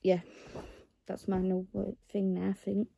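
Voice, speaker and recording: A woman's voice: mid-range voice, monotone, measured pace, vocal fry, dark tone, slight background noise. A woman vlogging to camera in a casual, rambling way, earnest and encouraging toward her viewers.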